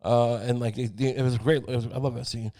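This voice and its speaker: A man's voice: mid-range voice, little pitch movement, brisk, dark tone. A man hosting a podcast, rambling through a sarcastic, profane comedic monologue. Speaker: podcast host.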